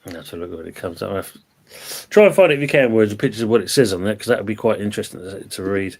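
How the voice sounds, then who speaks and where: A man's voice: on the low side, lively intonation, racing, creaky. A man hosting a casual live-stream football chat, rambling along and reading out viewer comments. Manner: chatty, reads out viewer comments. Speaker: host.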